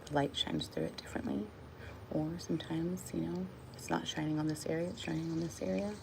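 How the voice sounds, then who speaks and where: A woman vlogger with a deep, creaky voice and steady tone speaks fairly quickly over heavy background noise. She muses about her views in a casual, wandering way, then reads a short devotional, with soft laughs and restarts along the way.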